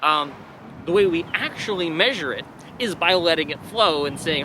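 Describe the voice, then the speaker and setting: A man's voice: fairly high pitch, expressive, moderate pace, background noise. A young man, a father of a baby, teaching a casual science lesson in a chatty, digressive way with playful asides.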